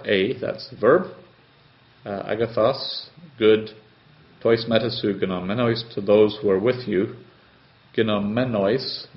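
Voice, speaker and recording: Slow, methodical male language tutor. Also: lowish voice. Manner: slow and methodical, with many hesitations. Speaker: Greek tutor. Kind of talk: teaching a grammar lesson. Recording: slightly dull, lo-fi sound.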